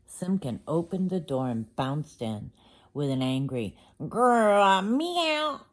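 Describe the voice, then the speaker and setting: Woman reading a kids' storybook, low mellow voice, takes her time. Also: lively intonation, a little slow. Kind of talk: storybook read-aloud.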